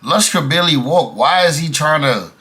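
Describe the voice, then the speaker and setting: A man co-hosting a reaction stream, talking in loud, profane slang and laughing at the clips. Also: on the high side, expressive, moderate pace. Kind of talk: casual reaction chat.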